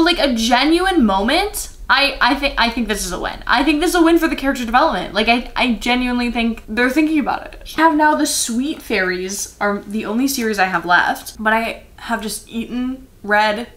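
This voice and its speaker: A young woman recapping children's books in a casual, sarcastic chat, full of filler words and sudden jumps in pitch. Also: a bit bright. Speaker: book vlogger.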